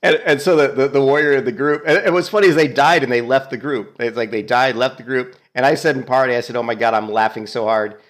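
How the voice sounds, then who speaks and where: A man's voice: medium pitch, fast, hardly any pauses. Amused man narrating gameplay. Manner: amused, retelling chat messages with chuckles. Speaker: game streamer. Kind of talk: casual gameplay commentary.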